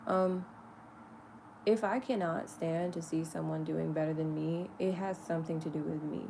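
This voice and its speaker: A woman's voice: low-pitched, steady tone, normal speed, gravelly, slight background noise. A woman speaking casually and candidly to the camera in a spiritual vlog, swearing freely and laughing often. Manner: talks to herself lovingly in soft asides. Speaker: spiritual vlogger.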